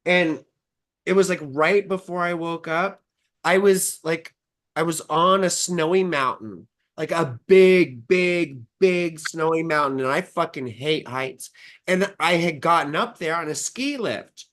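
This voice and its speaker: A woman's voice: deep voice, a little slow. A young adult woman hosting a live astrology stream, chatting casually and telling stories with lots of swearing. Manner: profane, chatty, animated storytelling. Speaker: astrologer host.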